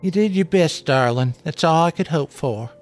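A man playing a female nymph who talks in a high, folksy Southern drawl, calling people honey. It is a tabletop role-play voice, lifted well above a normal speaking pitch. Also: expressive, normal speed, faint music behind, close to an everyday voice. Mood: tender. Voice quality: sweet, calls people honey.

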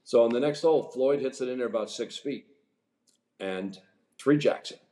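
A man in his sixties, a former pro golfer, telling rambling, animated anecdotes as a podcast guest. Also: medium pitch, normal speed. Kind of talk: casual storytelling interview. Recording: echoey room.

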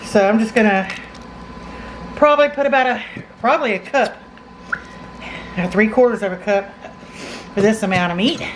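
A woman's voice: medium pitch, normal speed, long pauses, slight background noise, low-quality recording. A middle-aged woman with a Southern US accent, chatting folksily while demonstrating a recipe in her home kitchen. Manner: folksy, chatty, says y'all. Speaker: cooking channel host. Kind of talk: casual cooking demonstration.

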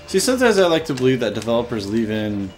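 Animated young man chatting over gameplay. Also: medium pitch, quick pace. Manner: relaxed, swears casually, trails off quietly. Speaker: let's play co-host. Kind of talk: casual gameplay commentary. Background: faint game music.

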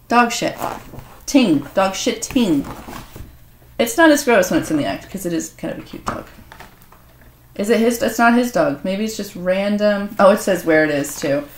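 A woman's voice: medium pitch, animated, moderate pace, slight background noise. A woman host swearing and joking crudely in a casual unboxing vlog. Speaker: author and video host. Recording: echoey room.

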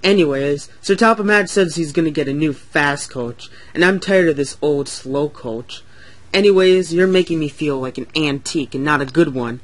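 A man voicing a rude, impatient female tank engine who snaps orders in a raised, higher voice. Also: moderate pace, natural voice. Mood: dismissive. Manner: pushy, snapping orders.

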